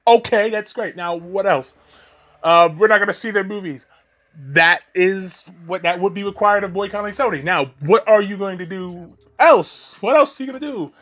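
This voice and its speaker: A man's voice: high voice, normal speed, a bit bright. A man giving ranting video commentary, exasperated and profane, breaking into laughs between points.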